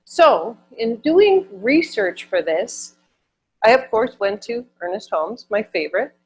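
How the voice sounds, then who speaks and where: A woman's voice: fairly high pitch, big pitch swings, slow, husky. A woman from Wisconsin, a minister giving a conversational Sunday sermon, repeating words for emphasis.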